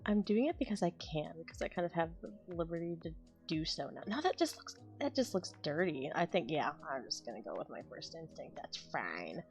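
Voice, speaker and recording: Woman artist, casual drawing stream, rambling, self-deprecating, lowish voice. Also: very animated, fairly quick, faint music behind. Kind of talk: casual chat while drawing.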